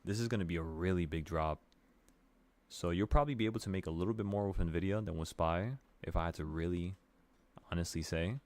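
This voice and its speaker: Male trading streamer, deep voice, casual and offhand, swears. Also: a little fast. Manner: relaxed, swearing, talks to viewers with "bro". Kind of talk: casual chart walkthrough.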